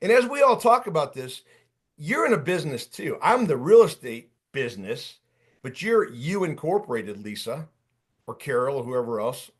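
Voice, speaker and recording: A man's voice: on the high side, moderate pace, slightly rough. Fired-up man in his fifties coaching. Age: 50s. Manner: animated, chatty, fired up, addresses attendees by name. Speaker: workshop coach. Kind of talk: energetic online workshop talk.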